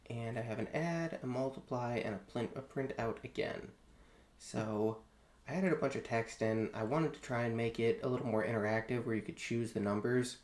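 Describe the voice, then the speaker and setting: A man's voice: mid-range voice, a little mellow, echoey room. A man casually walking through his coding assignment, offhand and self-deprecating. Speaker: student presenting a coding assignment. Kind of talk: casual screen-recorded walkthrough.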